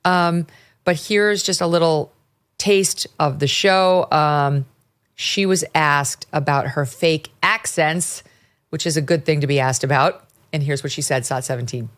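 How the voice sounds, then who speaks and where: A woman's voice: low-pitched, measured pace, clean tone. A woman hosting a talk show, chatting with wry, sarcastic asides. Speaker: podcast host. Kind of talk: opinionated talk-show chat.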